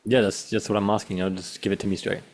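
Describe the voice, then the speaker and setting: A man's voice: lowish voice, flat delivery, racing, a little mellow, lightly acted. A man playing an impatient know-it-all prospect. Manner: dismissive, impatient, repeats demands. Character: pushy know-it-all male sales prospect. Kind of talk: sales role-play.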